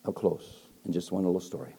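Low, mellow older male preacher. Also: steady tone, a little fast, creaky, breathy edge. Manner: emphatic, swings between loud emphasis and soft hushed storytelling. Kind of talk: evangelistic sermon.

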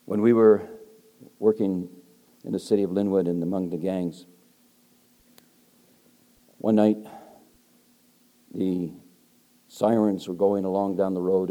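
An older man preaching an evangelistic sermon, swinging from loud emphatic lines to soft hushed storytelling. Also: sits low.

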